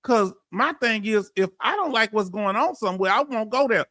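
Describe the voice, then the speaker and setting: Southern Texan man hosting a livestream, high voice, dry close mic, talks blunt and direct to chat. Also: expressive, moderate pace, bright, forceful tone, no room sound. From Houston, Texas. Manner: blunt, straight-talking, addresses chat directly. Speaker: livestream host.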